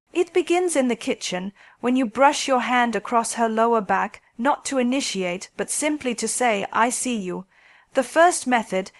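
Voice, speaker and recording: A woman calmly narrating scripted relationship advice in a slow, soft, intimate way. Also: on the high side, dry recording.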